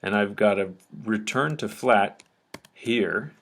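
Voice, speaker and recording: Man, teacher, lowish voice, patient step-by-step explanation, lecture style. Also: slow, creaky, a bit bright. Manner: patient, checks understanding often with "okay?".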